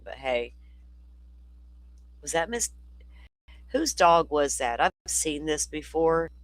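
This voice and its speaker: A man's voice: on the high side, sing-song, slow, a bit bright, dry recording, poor audio. A man hosting a livestream, chatty and rambling, his voice worn from talking all day. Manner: chatty, rambling, talks to chat. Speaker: livestream host. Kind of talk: casual live commentary.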